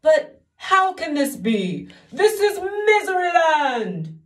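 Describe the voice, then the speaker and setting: A woman voicing a weepy, self-pitying male king with a high, sobbing wail. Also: very animated, takes it slowly, echoey room, far from the mic, heavily acted.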